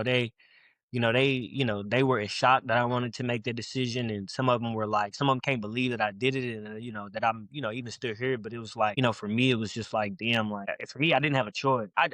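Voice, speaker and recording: Young man, Louisville native, podcast guest, rapid slangy rambling, mid-pitched, dry mic. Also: a bit bright, no room sound. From Louisville, Kentucky, US. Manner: rambling, slangy, laid-back. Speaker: guest rapper. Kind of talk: casual podcast interview.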